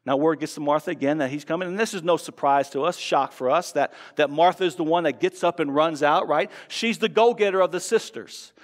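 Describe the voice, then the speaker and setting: A man's voice: a little high, brisk, hardly any pauses. A man preaching a sermon in a church, talking conversationally with frequent restarts and acting out quotes. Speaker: pastor. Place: church sanctuary. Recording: long hall reverb.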